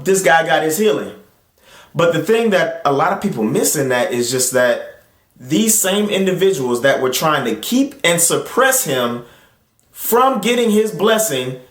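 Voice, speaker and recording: A man hosting his own channel, reading scripture and then preaching in a casual, conversational way, jumping up in pitch when he acts out other voices. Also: fairly bright tone, reverberant. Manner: rises in pitch to act out crowd voices; conversational, with fillers and restarts. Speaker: host and preacher.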